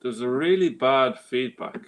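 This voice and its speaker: A man's voice: mid-range voice, measured pace, fairly bright tone. A man with a North County Dublin Irish accent, chatting casually as a guest over a video call. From Ireland. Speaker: guest on a livestream. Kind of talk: casual chat. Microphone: computer mic on a video call.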